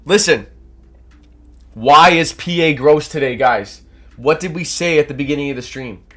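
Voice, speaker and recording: Allergy congestion stuffs up the nose of this young Canadian as he hosts a trading stream, coaching and reading comments in a hyped, casual style. He talks at a moderate pace in a voice that's a little high.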